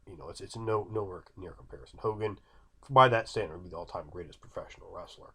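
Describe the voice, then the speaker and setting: A man's voice: sits low, rapid-fire, bright, forceful tone, breathy edge. A man in his thirties giving an opinionated, emphatic commentary, repeating his points and arguing with an imagined viewer. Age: 30s. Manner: emphatic, repetitive, argumentative. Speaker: video creator.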